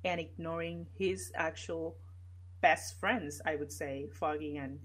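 A woman's voice: low-pitched, fairly even intonation, a little slow, low-quality recording. A woman co-hosting a podcast in casual chat, starting her sentences hesitantly. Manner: hesitant starts, frequent agreeing murmurs. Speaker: podcast co-host.

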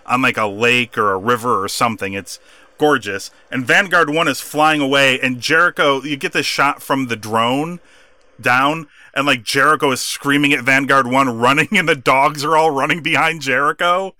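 A man co-hosting a wrestling podcast, chatting casually, laughing often and acting out quotes with animated bursts. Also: medium pitch, normal speed, no echo. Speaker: podcast co-host.

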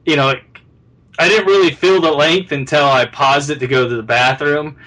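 A man's voice: on the high side, steady tone, normal speed, pushed and bright, rough recording. A man co-hosting a casual podcast, reviewing a movie in a rambling way full of fillers and asides. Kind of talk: casual chat.

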